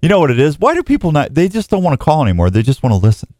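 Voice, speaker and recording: A man's voice: on the high side, wildly swooping pitch, very fast, dark tone, dry recording, clean studio sound. A man hosting a casual radio show, joking and rambling.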